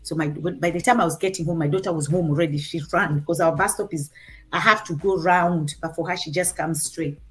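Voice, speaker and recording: Her voice is low, breathy, and fairly quick: a middle-aged woman with a Kenyan accent, a guest recounting a parenting story in conversation. She stays animated, dramatizing the quoted parts.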